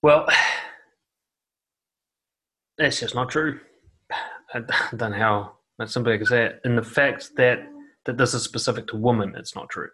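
A man's voice: mid-range voice, a little slow, long pauses, bright, forceful tone. A man giving blunt, casual dating advice, swearing freely and acting out quoted voices, seated indoors. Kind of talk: casual advice monologue to camera. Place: seated indoors on a noisy chair.

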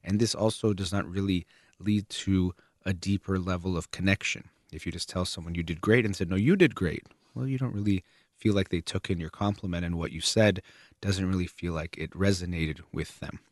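A man calmly explaining ideas step by step in a measured way, with occasional fillers. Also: sits low, no echo, clean studio sound. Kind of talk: explanatory talk on relationships.

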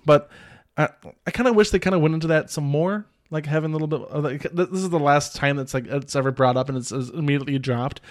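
A man's voice: a little high, fast talker. A man hosting a podcast, casually recapping a film in a rambling way, with lots of filler words and restarts. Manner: rambling, many filler "like"s and restarts, chuckles often. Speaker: podcast host reviewing a film.

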